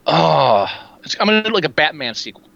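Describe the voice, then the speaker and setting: This man talks fast in a slightly high, creaky voice while co-hosting a relaxed film-review podcast. He's animated and rambly and performs quotes along the way, and the recording is dull and lo-fi.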